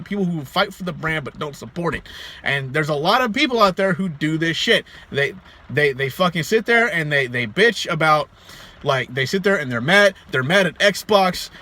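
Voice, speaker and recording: A young man ranting to camera about video games, swinging between muttered asides and loud, exasperated outbursts. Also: sits high, slight background noise. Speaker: gaming vlogger. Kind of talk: profane rant to camera.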